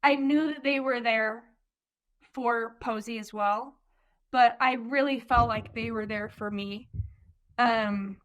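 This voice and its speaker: A woman's voice: fairly high pitch, fairly even intonation, slow, a bit bright. A young woman in her twenties, a guest on an interview show, telling her own birth story with many ums and likes, tearful at moments. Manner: lots of "like" and "um", quotes others. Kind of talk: emotional personal storytelling.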